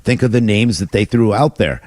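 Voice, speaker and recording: A man with a fairly low voice co-hosts a morning radio show. He lays out his opinions with earnest conviction. The sound is dry and close on a studio mic. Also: lively intonation, moderate pace, darkish tone, no room sound. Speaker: radio co-host. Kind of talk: radio talk show commentary.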